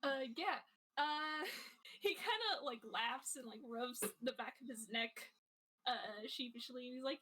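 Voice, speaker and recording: High, bright giggly woman narrating. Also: takes it slowly, rough recording. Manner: giggly, lots of fillers and restarts. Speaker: player. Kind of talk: casual tabletop role-play narration.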